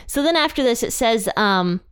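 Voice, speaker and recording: A woman's voice: a little high, animated, normal speed, clear, resonant tone. A woman giving a casual Bible study lesson, talking in a chatty, playful way and acting out the quotes she reads. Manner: chatty and playful, laughs often, acts out quotes. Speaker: Bible teacher.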